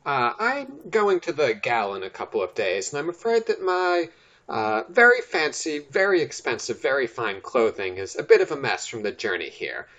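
A man's voice: mid-range voice, sing-song, moderate pace, fairly bright tone, dull audio. Man playing a polite would-be fancy adventurer. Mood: ingratiating. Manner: polite, ingratiating. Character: male adventurer posing as a fancy noble, polite.

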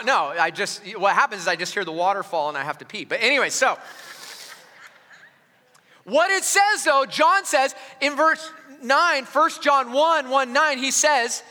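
A man's voice: high voice, expressive, moderate pace, bright, forceful tone. A man preaching a sermon as a pastor, conversational and joking, with frequent restarts. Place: large church hall. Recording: long reverb of a large hall.

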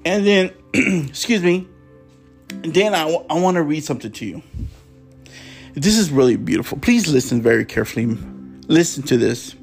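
A man's voice: on the high side, expressive, normal speed, gravelly, long pauses, faint music behind. A man hosting a preaching podcast, speaking with passion and stumbling a little when he reads scripture aloud.

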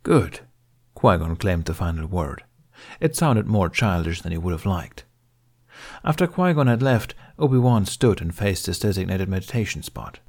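Male narrator, low voice, steady even read for a fan fiction audiobook. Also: normal speed.

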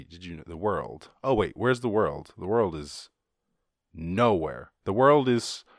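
A man's voice: sits low, a bit bright, no room sound, clean studio sound. An Irish man hosting a podcast, rambling through casual solo commentary, jokey and full of swearing. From Ireland. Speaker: podcast host.

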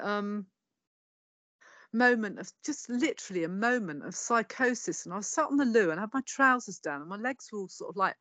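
A woman's voice: mid-range voice, fairly bright tone, dry recording. A middle-aged English woman with an English accent, a podcast guest telling her life story candidly, swearing freely and acting out what people said. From England. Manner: swears freely, tells it bluntly with quoted dialogue.

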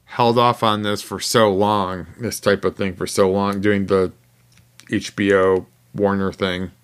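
A man talks on a casual podcast with a lowish voice. He is laid-back and hesitant and often restarts his sentences while he thinks. The chat is relaxed and unscripted. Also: unhurried, smooth. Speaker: podcast co-host.

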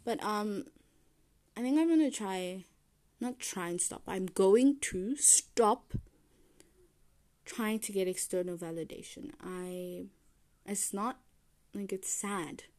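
With a medium-pitched, unhurried, slightly mellow voice, a young woman talks alone on her podcast. Her casual talk wanders; she pokes fun at herself, drifts off mid-thought, then starts over and fixes what she said.

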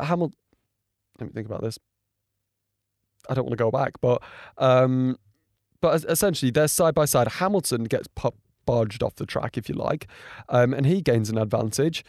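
Give me a man rambling through motorsport highlights, filler-heavy and indignant, recorded dry. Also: a little mellow, dry recording. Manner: rambling, frequent ums, indignant. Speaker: motorsport commentator. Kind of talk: casual reaction commentary.

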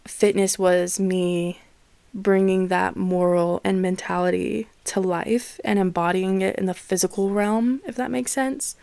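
Young female podcast host, frank and swearing, gravelly voice, dry close-miked. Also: medium pitch, a little mellow, no echo. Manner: candid, swears freely, laughs often. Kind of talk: casual solo podcast chat.

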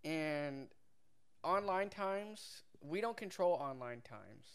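Young man with a slightly high voice. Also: expressive, takes it slowly, smooth. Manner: chatty, backs up others with short agreements. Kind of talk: casual chat, storytelling.

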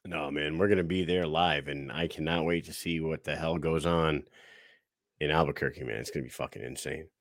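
A man's voice: very deep voice, fairly even intonation, fairly quick, dry recording, clean studio sound. A man hosting a casual podcast, recapping events in a laid-back way with many fillers. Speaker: host.

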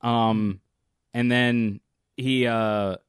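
A man's voice: mid-range voice, fairly even intonation, very slow, clean tone, no echo, clean studio sound. A man co-hosting a podcast, telling stories in easygoing casual chat and laughing often. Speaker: podcast co-host.

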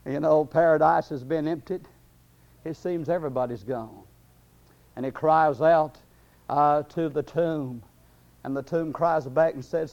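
A man's voice: a little high, unhurried, gravelly, darkish tone. A man preaching a sermon, impassioned and building, with frequent fillers. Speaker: pastor. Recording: dull lo-fi recording.

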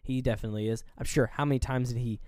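A man's voice: mid-range voice, fairly even intonation, rapid-fire, a little mellow, clean tone, dry recording. Casual male podcast co-host with a dry close mic, meandering and profane, slipping into quoted movie lines. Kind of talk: casual movie review chat.

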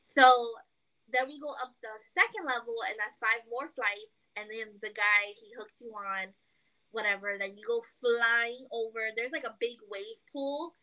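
Young woman, bright slightly high voice, animated casual storyteller, podcast co-host. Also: a little slow, rough recording. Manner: animated storytelling, acts out quotes, peppered with "like". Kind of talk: casual chat.

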